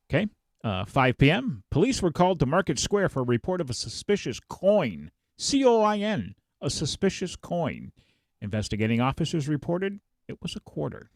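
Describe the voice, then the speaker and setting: Animated man reading funny headlines. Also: medium pitch, dry recording, studio quality. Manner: animated, laughs while reading. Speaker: podcast host. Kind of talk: casual podcast chat, reading headlines.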